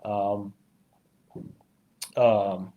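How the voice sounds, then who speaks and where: A man, a police chief, talking warmly and haltingly on a live community stream, choked up at times and full of fillers. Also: lowish voice, little pitch movement, narrow, tinny audio. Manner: heartfelt, rambling, frequent fillers. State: choked up with emotion.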